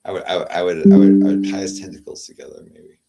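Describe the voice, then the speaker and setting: A man chatting casually on a livestream, halting and repeating his words, trailing off and sometimes dropping to a murmur. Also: sits low, flat delivery, dark tone, faint music behind. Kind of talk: rambling casual livestream chat.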